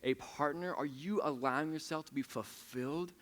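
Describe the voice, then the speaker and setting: A man's voice: on the high side, normal speed. A young adult man preaching a sermon to a room of listeners in a casual, self-mocking, storytelling manner, often restarting his sentences. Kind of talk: conversational sermon. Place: church service in a room of listeners.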